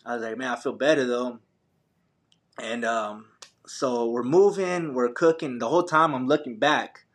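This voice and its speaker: Guesting on a podcast, a young adult ultramarathon runner tells a running tale in casual slang, leaning on fillers and starting over often. He has a mid-range voice and a moderate pace.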